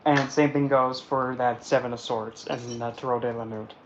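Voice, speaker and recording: A man's voice: mid-range voice, fairly even intonation, normal speed, dull audio, a little hiss or hum. A man chatting casually and playfully about tarot decks, rambling as he goes. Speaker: tarot deck reviewer. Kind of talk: casual chat.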